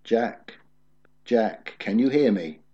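A man voicing God in a sermon story, speaking calmly and reassuringly. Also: lowish voice, slow pace. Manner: calm and reassuring. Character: calm all-knowing voice of God. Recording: dull lo-fi recording.

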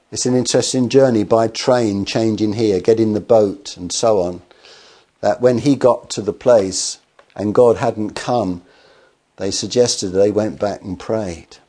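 A man's voice: fairly low pitch, measured pace, mellow. A man preaching a sermon, telling stories with acted quotes and rhetorical questions.

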